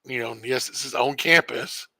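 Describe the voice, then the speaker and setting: A man's voice: medium pitch, normal speed, gravelly, sharp tone, no echo. A man streaming a game and telling a long, rambling story in casual chat, correcting himself and chuckling as he goes. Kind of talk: casual storytelling while gaming.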